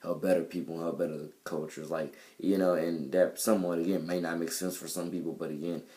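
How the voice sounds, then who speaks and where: A young man with an extremely deep voice talks straight into his camera, rambling through his thoughts with plenty of fillers and false starts. His delivery stays flat and even, with little rise or fall. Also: quick pace. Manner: rambling, many fillers and restarts. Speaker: vlogger and musician. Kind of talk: casual spoken video diary. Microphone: camera mic.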